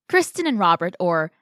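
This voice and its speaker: Excitable woman gushing as podcast co-host. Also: lowish voice, dry recording, clean studio sound. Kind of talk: casual film review chat.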